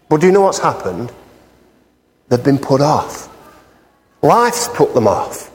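A man's voice: fairly high pitch, big pitch swings, slow pace, long pauses. Playful man preaching in a reverberant hall. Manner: playful, teasing the congregation. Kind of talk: sermon with a told joke.

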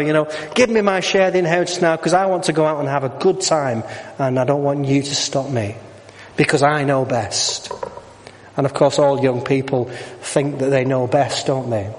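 A middle-aged man preaching a sermon, asking the congregation questions and slipping in jokes. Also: mid-range voice. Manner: jokey, asks the congregation questions. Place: church. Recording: long hall reverb.

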